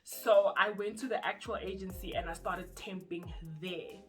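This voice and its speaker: Young south african girl chatting to camera, lively, music playing under her. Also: mid-range voice, normal speed. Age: young adult. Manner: chatty and animated, acts out quoted voices. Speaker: YouTuber. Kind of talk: casual storytelling vlog.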